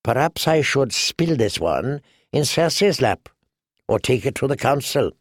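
A man's voice: medium pitch, sing-song, unhurried, husky, no echo, full character voice. A man reading an audiobook, voicing a blunt, sardonic lord who speaks dryly. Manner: dry and blunt.

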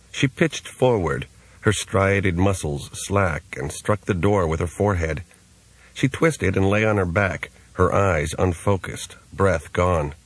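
A man narrating an audiobook in a measured, even way. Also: sits low, no echo. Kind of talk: scripted narration.

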